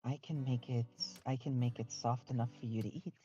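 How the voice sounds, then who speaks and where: A game master voicing a young woman who speaks gently and quickly. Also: medium pitch, steady tone, muffled recording, faint music behind, close to an everyday voice. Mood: reassuring. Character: calm young woman caring for a friend. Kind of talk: voicing a character in a tabletop game.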